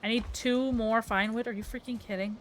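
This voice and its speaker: A woman's voice: fairly high pitch, fairly even intonation, a little fast. A young Southern woman live-streaming a building game, chatting with viewers and muttering her thoughts aloud, sleepy and giggly. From American South. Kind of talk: casual live-stream chat while building.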